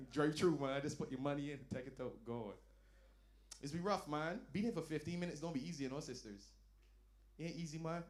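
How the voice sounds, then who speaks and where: A man performing a stand-up comedy set, telling loud, animated stories and dropping into low asides. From Barbados. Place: lounge comedy night.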